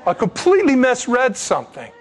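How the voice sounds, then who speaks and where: High-pitched middle-aged man preaching; animated, jokey pastor who drops into quiet asides. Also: fairly quick, a little hiss or hum. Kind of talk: sermon.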